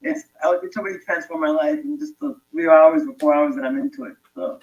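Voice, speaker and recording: A man's voice: very high voice, very animated, a little fast, gravelly, lo-fi sound. A man in an online group, chatting casually and enthusiastically. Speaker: group participant. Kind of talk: casual chat.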